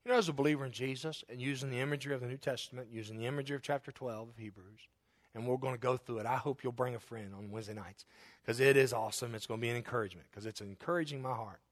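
A man preaching as pastor speaks in a racing, mid-range voice. He delivers a sermon with an altar call in an emphatic, repetitive cadence, adding earnest, personal asides to the congregation.

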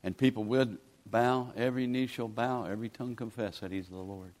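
A man's voice: mid-range voice, steady tone, fairly quick, a little mellow. A man, preaching a sermon in a folksy, pleading, conversational way as a guest preacher. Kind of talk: sermon with altar call.

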